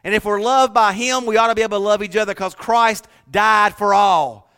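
Southern male pastor, folksy sermon, bright ringing tone. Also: high voice, expressive, normal speed, clear, resonant tone. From North Carolina. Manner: folksy, joking with the congregation. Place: church.

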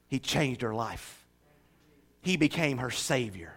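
A man pastor preaching a sermon in a church, animated, shifting from loud declarations to hushed asides with jokes. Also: fairly high pitch, unhurried. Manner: animated, swings from shouting to hushed, joking asides.

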